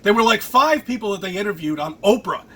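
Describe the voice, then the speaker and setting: A man ranting angrily to his viewers, swearing often and preaching distrust, breaking into sudden loud outbursts and laughs. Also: high voice, expressive, a little fast, husky. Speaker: channel host. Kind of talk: ranting monologue to camera.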